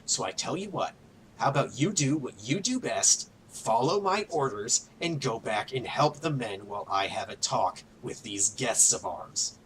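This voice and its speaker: A man voicing a menacing, bossy male train captain in a mech suit who shouts about his rules. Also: medium pitch, lively intonation, normal speed, distant mic, slight background noise, close to an everyday voice, rough recording. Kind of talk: game master voicing a character.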